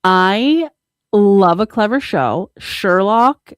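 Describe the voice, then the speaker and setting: A young woman co-hosting a podcast, chatting casually with lots of fillers and excited bursts. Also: mid-range voice, very slow, clean tone, no room sound. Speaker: podcast co-host. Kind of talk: casual chat.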